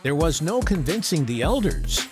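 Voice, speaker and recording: A man narrating an animated children's read-aloud, expressive and unhurried. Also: fairly high pitch, over music. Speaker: storyteller.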